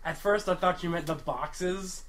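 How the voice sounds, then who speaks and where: A woman on a podcast in casual group chat, throwing in deadpan quips. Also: fairly low pitch, a little slow, slight background noise.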